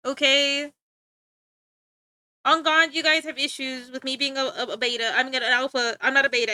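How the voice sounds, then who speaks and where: A woman's voice: high voice, a little fast, pushed and bright, clean tone, dry recording. A woman live-streaming, chatting casually and teasing her viewers, rambling and often breaking off to giggle. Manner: joking, teasing banter with chat. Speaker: livestreamer.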